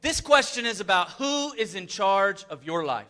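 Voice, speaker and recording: A man's voice: high voice, very animated, moderate pace, pushed and bright. A man pastor delivering a sermon in a church, talking earnestly and conversationally, often repeating words for emphasis. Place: church sanctuary. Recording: reverberant church hall.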